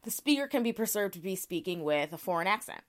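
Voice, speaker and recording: A woman's voice: medium pitch, lively intonation, fast. A woman talks through a topic for a podcast in an easygoing, conversational way. She leans on fillers and often restarts her sentences as she explains. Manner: chatty, many "like" fillers and restarts. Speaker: podcast co-host presenting research.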